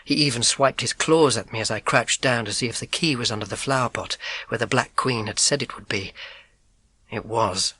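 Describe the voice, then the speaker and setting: A man narrating a children's audiobook in first person, with an expressive, suspenseful telling. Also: medium pitch, fairly quick, husky, no echo.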